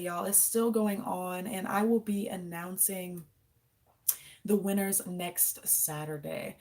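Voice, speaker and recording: Her voice is medium-pitched with a darkish tone as this young woman runs a laid-back livestream chat. Between answering questions from viewers, she chats away and croons baby talk to her beloved lizard.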